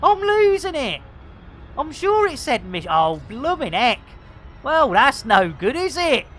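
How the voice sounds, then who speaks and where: A woman streaming a space game, chatting excitedly to her guests, often laughing and exclaiming at her own mistakes. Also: sits high, measured pace. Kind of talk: live gameplay commentary.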